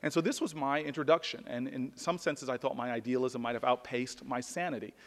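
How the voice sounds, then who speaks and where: A man's voice: medium pitch, fairly even intonation, a little fast. Earnest man telling a story in a hall. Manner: earnest, with frequent restarts and repeated words. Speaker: public speaker. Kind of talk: personal storytelling speech.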